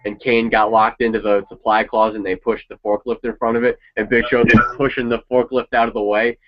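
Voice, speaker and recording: A man's voice: lowish voice, level tone, fairly quick, a little hiss or hum. A man chatting casually and swearing now and then as he reacts to a wrestling show. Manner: rambling, opinionated, swears casually. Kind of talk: casual chat. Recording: dull lo-fi sound.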